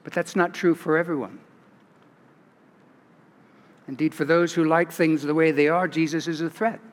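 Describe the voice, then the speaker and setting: A man from California, a pastor giving an expressive storytelling sermon with restarts and asides. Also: fairly high pitch, moderate pace. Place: large church. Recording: long church reverb.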